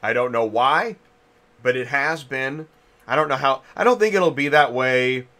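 A man's voice: medium pitch, unhurried, bright, forceful tone. A man hosting a casual industry chat, rambling and thinking aloud with many restarts while chewing a cough drop. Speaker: podcast host.

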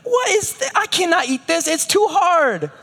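A man's voice: very high voice, big pitch swings, normal speed, creaky, bright, forceful tone, in a large hall, voice pushed up, full character voice. A man voicing a petulant three-year-old who whines and complains about his food. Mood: whiny. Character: whiny picky toddler, about three.

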